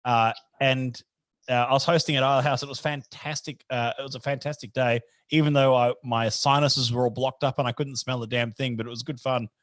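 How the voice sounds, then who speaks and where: A man's voice: medium pitch, steady tone, brisk, no echo. A man hosting a casual evening video chat, telling rambling stories and correcting himself as he goes. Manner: rambling, self-correcting storyteller. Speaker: host. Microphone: video call.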